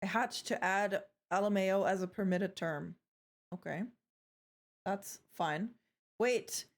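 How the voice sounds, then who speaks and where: A young woman chats casually on a live stream, teasing her viewers and swearing freely. Her voice sits at a middle pitch, and she often trails off and starts her sentences again. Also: slow pace. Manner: playful, chatty, swears freely, trails off and restarts.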